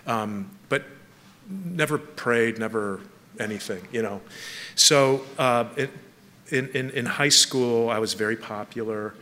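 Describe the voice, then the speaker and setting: A middle-aged man from Southern California giving a personal testimony to an audience, halting, with many restarts and repeated words. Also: medium pitch, sharp tone, slight background noise. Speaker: speaker sharing testimony. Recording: long hall reverb, faint ambience.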